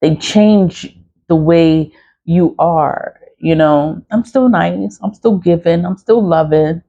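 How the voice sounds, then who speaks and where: Casual spiritual vlogger with a warm, low-toned voice, chatty and repetitive, quick to laugh and curse; dull lo-fi sound. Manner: rambling and repetitive, laughs often, swears freely. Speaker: spiritual practitioner and seller. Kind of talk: casual spoken monologue.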